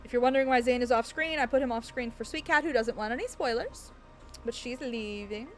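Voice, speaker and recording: A woman's voice: fairly high pitch, fairly quick, soft background music. A woman game streamer chatting casually with her viewers in a bubbly, giggly, gushing way.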